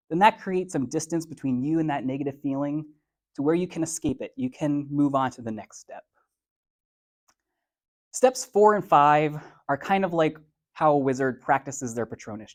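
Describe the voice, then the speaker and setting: A man's voice: fairly high pitch, expressive, normal speed. Playful man giving a motivational talk. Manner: conversational and playful, uses everyday slang; lays points out in numbered steps. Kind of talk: motivational speech to a live audience.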